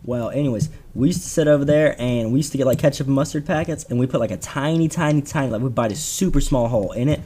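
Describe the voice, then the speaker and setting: A man's voice: mid-range voice, quick pace, hardly any pauses, dark tone, breathy edge. A young man co-hosting a casual podcast, laid-back and teasing as he tells his own school story. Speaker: podcast co-host. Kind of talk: casual chat.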